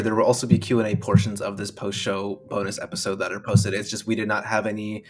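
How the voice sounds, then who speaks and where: A man co-hosting a podcast in casual chat, relaxed, talking straight to listeners and sometimes tripping over his words. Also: lowish voice. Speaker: podcast co-host.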